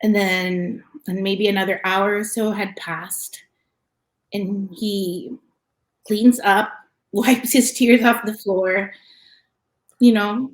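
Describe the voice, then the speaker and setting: A woman's voice: mid-range voice, steady tone, takes it slowly, long pauses, reverberant, poor audio. A woman who owns a cafe, telling a personal story as a podcast guest. She speaks earnestly and reflectively, often restarting her sentences.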